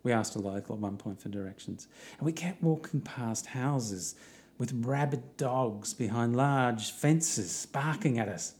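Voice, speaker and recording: A man's voice: mid-range voice, very animated, moderate pace, darkish tone. Easygoing Australian man narrating. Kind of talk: travel diary narration.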